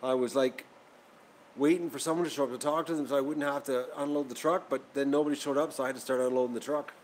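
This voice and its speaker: A man's voice: mid-range voice, steady tone, fast, darkish tone, a little hiss or hum, poor audio. A man, chatting casually and rambling on a livestream about his day and his animals. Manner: rambling, self-deprecating, talks to his animals. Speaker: vlogger raising ducks.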